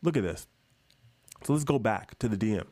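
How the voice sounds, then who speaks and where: A man's voice: fairly low pitch, animated, a little fast, darkish tone. A man vlogging to camera in a casual, emphatic way. He keeps calling his viewers guys and repeats points for stress.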